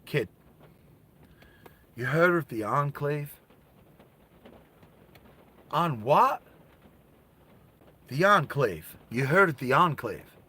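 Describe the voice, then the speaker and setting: A man voicing a secretive, gruff stranger who speaks low and hushed. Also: big pitch swings, drawn-out words, long pauses, heavily acted. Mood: suspicious.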